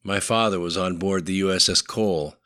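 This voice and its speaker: A man's voice: low-pitched, steady tone, a little fast, pushed and bright, no echo, clean studio sound. A man voicing a young American accomplice in a storybook, polite and eager.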